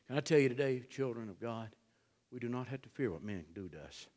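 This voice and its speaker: A middle-aged man preaching a sermon, dropping to a hush and climbing to shouts in a folksy drawl. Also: mid-range voice, lively intonation, fast talker, long reverb tail. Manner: swings from hushed to shouting, drawling folksy delivery. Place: church.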